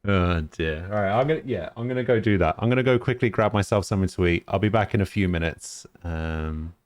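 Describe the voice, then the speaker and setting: A man's voice: sits low, fairly quick, no echo. A man streaming a video game live, chatting casually and joking at his own expense. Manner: joking, self-mocking, laughs often.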